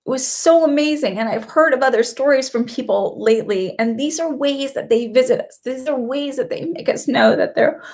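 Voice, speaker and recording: A woman's voice: sits high, moderate pace, hardly any pauses. Emotional woman chatting on a live stream. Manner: emotional, tearful at times, warm storytelling. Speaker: spiritual channel host. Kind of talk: casual live-stream chat. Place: home.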